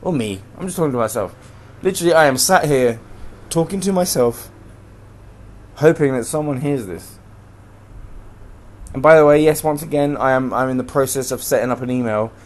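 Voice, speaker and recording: A man's voice: medium pitch, normal speed, pauses often, slight background noise. A young man hosting a solo podcast from home, ranting in a profane, rambling, heated way. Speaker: podcast host. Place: room at home.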